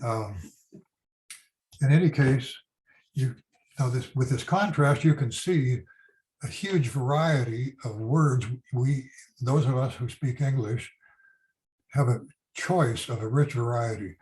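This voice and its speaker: Slow, halting older man teaching. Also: medium pitch, a little mellow, low-quality recording. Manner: halting, many fillers and restarts. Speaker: history teacher. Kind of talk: informal classroom lecture.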